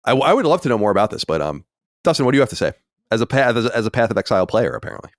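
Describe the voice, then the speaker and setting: A man hosting a podcast in casual chat, animated and swearing, with many restarts. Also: on the low side, very fast, no echo. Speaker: podcast host.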